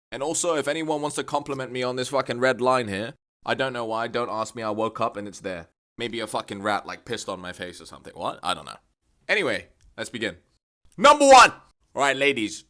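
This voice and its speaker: A young man vlogging comic rants, swearing constantly and bursting into exasperated shouts. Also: mid-range voice. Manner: profane, exasperated ranting with sudden shouts. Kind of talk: comedic rant vlog.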